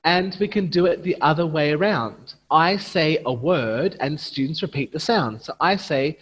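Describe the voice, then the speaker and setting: A man's voice: on the high side, lively intonation, slow pace, a bit bright, husky, long reverb tail. A man running an online teacher training, demonstrating phonics sounds and chanting prompts as he would to young learners.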